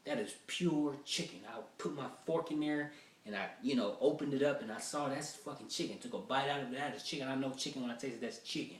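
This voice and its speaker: A man running through stand-up material in an animated, profane, rambling way. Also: medium pitch, quick pace. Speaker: stand-up comedian. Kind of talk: stand-up rehearsal. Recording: roomy echo, mic far off.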